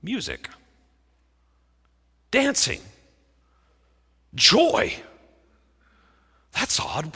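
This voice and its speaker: A male pastor preaching a sermon, telling the story dramatically, with big swings between loud and soft. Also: mid-range voice, wildly swooping pitch, takes it slowly, long pauses, breathy edge. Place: church sanctuary. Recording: echoey hall reverb.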